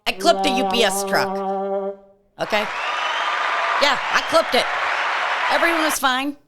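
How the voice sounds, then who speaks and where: A woman's voice: on the high side, expressive, measured pace, loud music behind the voice, a loud crowd. A woman co-hosting a podcast in casual comedic chat, joking and laughing often. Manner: joking, laughs often, leads a mock breathing exercise. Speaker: podcast co-host.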